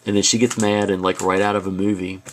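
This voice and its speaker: Low-voiced man giving a video lecture. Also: level tone, fast talker, slight background noise. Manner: conversational storytelling, frequent asides. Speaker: high school teacher.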